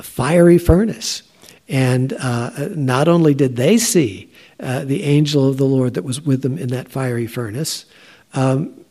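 A man giving a conversational Bible teaching, talking in a halting way with frequent filler sounds. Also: mid-range voice, darkish tone.

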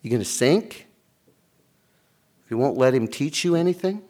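Male pastor, middle-aged, sermon, animated storytelling, pitch swinging up and down. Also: moderate pace. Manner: animated storytelling, acting out voices.

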